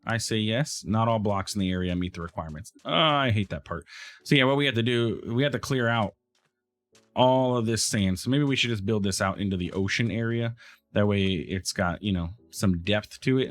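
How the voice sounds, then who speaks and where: A man's voice: fairly low pitch, a little fast. A man hosting a game let's play, thinking aloud in casual commentary and talking back to the game.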